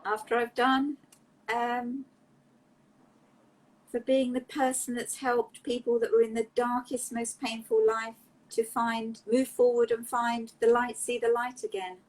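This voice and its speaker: A woman, an interview guest telling personal stories in a heartfelt, emotional, animated way. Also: on the high side, a little slow, poor audio. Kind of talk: candid interview storytelling.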